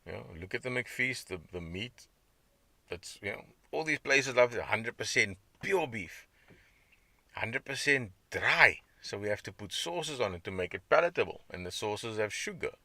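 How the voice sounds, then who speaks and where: A man's voice: lowish voice, expressive, moderate pace, gravelly, sharp tone, dry recording. A man hosting his own podcast, talking in a rambling, conversational way and reacting to chat comments. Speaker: podcast host. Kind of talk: casual diet podcast monologue.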